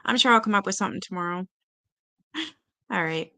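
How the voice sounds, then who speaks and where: A woman's voice: animated, normal speed, sharp tone, no echo. A woman hosting a true-crime livestream who chats casually with her viewers and swears freely. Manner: chatty, swears freely, talks to her chat; coos at her cats in a high baby voice.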